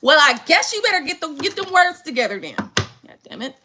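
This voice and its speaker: Lively, high-voiced woman chatting on a live stream. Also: fast, background noise. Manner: blunt, profane and laughing often. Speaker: tarot reader on a live stream. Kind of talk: casual live-stream chat.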